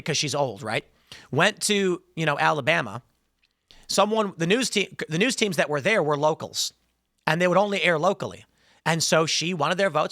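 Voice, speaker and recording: A man hosting a political commentary show, talking in a sarcastic, rambling way with animated asides on a close mic. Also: fairly high pitch, dry recording. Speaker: host.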